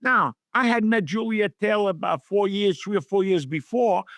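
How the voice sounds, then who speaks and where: Middle-aged New guy, raised pitch, bone-dry mic, lively raconteur doing voices for everyone he quotes. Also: moderate pace, dry recording. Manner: animated storyteller acting out quotes in voices. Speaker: guest. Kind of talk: storytelling interview.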